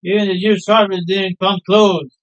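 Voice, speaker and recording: A hearty, proud fisherman father from a game, homely and sentimental as he spins his stories, read aloud by a man. The voice sits fairly high and sounds smooth and clear. The recording is dull and lo-fi. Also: level tone, moderate pace, close to an everyday voice. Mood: fond. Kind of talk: reading game dialogue aloud.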